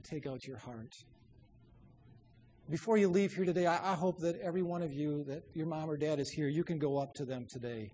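A man preaching a sermon in an emphatic, exhorting way, often dropping low and soft to drive a point home. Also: brisk, slight background noise.

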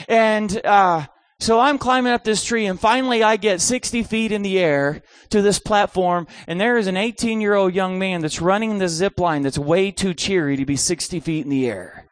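A middle-aged man preaching a sermon, telling a comic story with animated delivery. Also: high-pitched, normal speed, dry recording, clean studio sound.

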